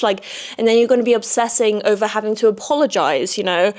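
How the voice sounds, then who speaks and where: A woman's voice: mid-range voice, fast, darkish tone. A young woman hosting a podcast, talking candidly and rambling in a frank personal monologue, swearing freely. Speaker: podcast host.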